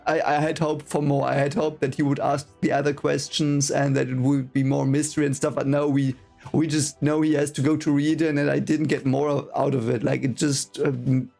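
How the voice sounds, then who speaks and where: A man with a fairly high, creaky, slightly mellow voice reads a fantasy novel aloud for the first time as a book reaction reader. He keeps breaking into frustrated rants, swearing, apologizing and repeating himself while he vents.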